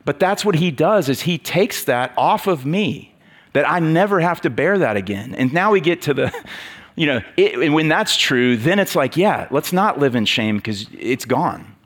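A man's voice: fairly high pitch, lively intonation, normal speed, fairly bright tone. Man preaching a casual sermon. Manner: conversational, with many fillers and restarts.

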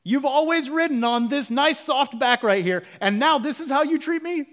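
Donkey voice: male, squeaky and aggrieved, a preacher putting it on mid-sermon. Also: moderate pace, fairly bright tone. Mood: indignant. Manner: high, pleading complaint. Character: talking donkey, male, hurt and indignant. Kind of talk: sermon storytelling.

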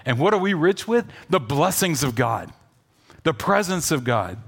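A man pastor preaching a sermon, telling a story with animated swings between loud urging and quiet asides. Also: fairly high pitch, a little slow, slightly rough.

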